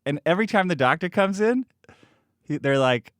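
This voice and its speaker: A middle-aged man hosting a podcast, telling a story in a profane, animated way and acting out the people in it, close on a podcast mic. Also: sits high, normal speed, dry recording. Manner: animated, profane, acts out quotes from his story. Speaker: podcast host. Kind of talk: casual storytelling.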